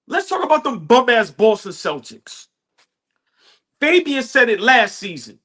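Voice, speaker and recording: Lively, bright-voiced bragging man. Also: high-pitched. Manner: animated, boastful, laughs often. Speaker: podcast co-host. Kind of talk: excited post-game sports talk.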